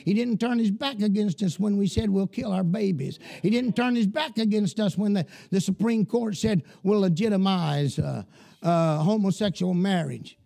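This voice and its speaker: A male preacher delivering a fiery sermon, often shouting and emphatic. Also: sits high, moderate pace, creaky.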